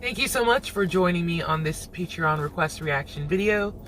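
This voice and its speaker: A man hosting his own reaction channel, musing aloud in casual commentary and quick to laugh. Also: high-pitched, expressive, a bit bright, a little hiss or hum, poor audio.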